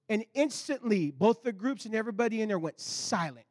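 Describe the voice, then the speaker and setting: A man preaching a sermon, telling a story with animated swings between loud bursts and low, intense stretches. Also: fairly quick. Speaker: pastor.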